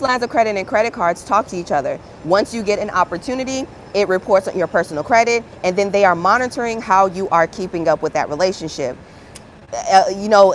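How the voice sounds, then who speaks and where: A woman's voice: medium pitch, a little hiss or hum. A woman hosting a livestream as a grant writer, chatting casually and encouragingly with her viewers. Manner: upbeat, encouraging, chatty, calls viewers "friend".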